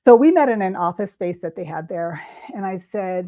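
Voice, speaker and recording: On a talk stream, a tarot reader tells a personal story casually, tearful at the beginning and rambling emotionally with frequent restarts. Her mid-range voice is animated and dark-toned, at a moderate pace.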